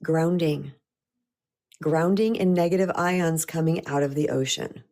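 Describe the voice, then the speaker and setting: A middle-aged woman coach talking casually on a live stream, chatty and animated, often restarting her sentences. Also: low-pitched, a little slow. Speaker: spiritual empowerment coach.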